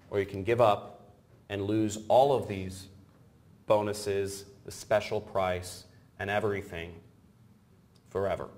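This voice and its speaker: A man hosting a sales webinar over a video call, pushy and building to loud excitement. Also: on the low side. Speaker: webinar host.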